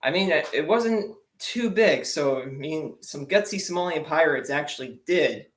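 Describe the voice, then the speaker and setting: A man's voice: on the high side, expressive, moderate pace, fairly bright tone. A young man telling rambling sea-story jokes as a stand-up comedian, with lots of fillers. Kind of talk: joke-telling sea stories. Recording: echoey room.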